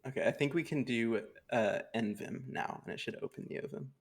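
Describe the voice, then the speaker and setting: Casual stream guest, a man with a gravelly edge, walks through steps patiently. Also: mid-range voice, a little fast. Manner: patient step-by-step instructions. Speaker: guest teaching neovim. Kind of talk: casual livestream tutorial.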